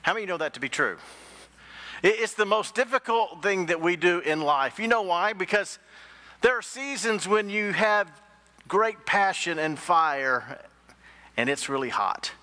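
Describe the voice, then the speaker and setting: A man's voice: high-pitched, lively intonation, measured pace, sharp tone. A man preaching as a pastor, telling jokes and quizzing the congregation during his sermon. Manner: joking storyteller who quizzes the congregation.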